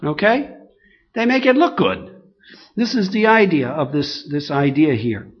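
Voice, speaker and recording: A man with a high voice preaches slowly and emphatically, repeating himself and wandering through fillers. The recording sounds dull and lo-fi. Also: big pitch swings. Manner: emphatic, repetitive, digressive with many fillers. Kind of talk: sermon.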